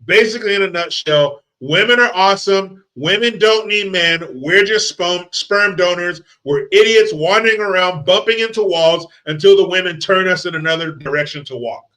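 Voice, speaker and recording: A man's voice: high voice, normal speed, hardly any pauses, sharp tone. A man ranting in a movie commentary, profane, sarcastic and heated. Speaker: movie reviewer.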